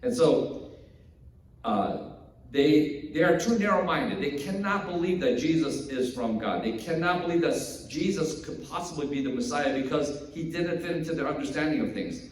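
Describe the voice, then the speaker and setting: A man's voice: on the high side, normal speed. Preaching man in an echoing church. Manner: conversational storytelling, animated, acts out characters. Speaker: pastor. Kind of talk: sermon. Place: church sanctuary. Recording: echoey hall from far off.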